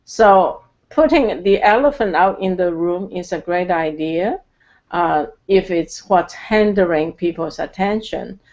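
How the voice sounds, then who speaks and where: A woman guest from Canada speaking slowly and carefully, with many pauses and fillers. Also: lowish voice, a little mellow, highs cut off. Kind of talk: casual chat.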